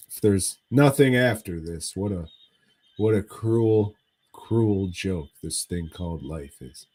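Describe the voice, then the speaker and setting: A man's voice: low voice, lively intonation, slow pace, long pauses, darkish tone. A man co-hosting a podcast, recapping a movie in casual chat as a profane, rambling storyteller. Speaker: podcast co-host.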